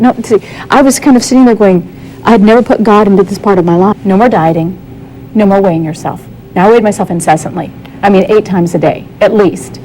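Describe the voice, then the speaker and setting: A woman's voice: mid-range voice, a little fast, mellow, faint music behind, poor audio. A woman giving a candid, earnest personal testimony as a guest on a talk show, often acting out the dialogue she quotes.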